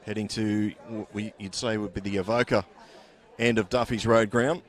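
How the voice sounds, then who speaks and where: An Australian man commentating live at a local football ground, chatty and relaxed with many fillers. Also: on the low side, normal speed. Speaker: sports commentator.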